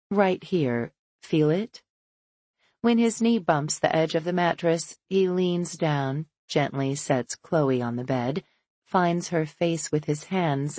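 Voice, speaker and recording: A woman's voice: a little mellow, no echo. A woman reading a first-person novel aloud, shifting her voice for each character. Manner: shifts pitch and pace to voice characters. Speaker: audiobook narrator.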